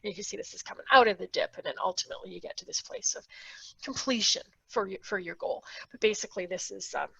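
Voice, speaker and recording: A woman's voice: medium pitch, animated, quick pace, gravelly, bright, forceful tone, slightly rough, dry recording, low-quality recording. A woman podcast co-host talking through a diagram in casual chat. She thinks aloud with many ums and acts out quoted thoughts.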